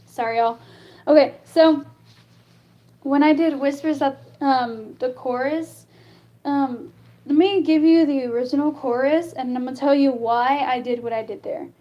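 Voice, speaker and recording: A woman teaching singing improvisation in a casual live stream, halting and full of fillers as she explains. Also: high voice, fairly even intonation, warm tone, highs cut off. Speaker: singer teaching vocal improvisation.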